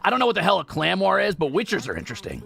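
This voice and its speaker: A young male streamer with a bright, forceful tone and a lot of swing in his pitch, plus some gravel underneath. He talks in a playful, joking way, trailing into mutters as he types. The sound is dry and close, with soft music playing behind him. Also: huge pitch swings, rapid-fire, no echo. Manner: playful, joking, drifts into mumbling while typing. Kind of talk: casual gaming livestream chat. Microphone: close streaming mic.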